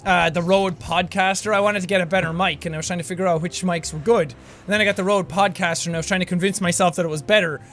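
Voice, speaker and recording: An Irish man casually reacting to his old videos, excitable and self-deprecating, with quick exclamations. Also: sits high, faint music behind. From Ireland.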